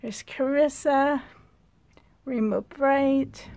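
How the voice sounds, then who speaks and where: A woman vlogging casually from a dim room at home, chatty and excitable, sometimes dropping to a whisper, filmed on a handheld camera. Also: on the high side, takes it slowly. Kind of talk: casual vlog chat.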